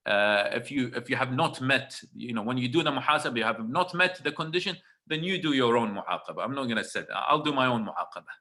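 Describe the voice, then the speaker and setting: A man's voice: mid-range voice, quick pace, hardly any pauses, sharp tone. A man giving a religious talk on a video call, emphatic and repetitive, checking in with his listeners. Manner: emphatic, repeats phrases, asks the audience "right?". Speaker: webinar speaker.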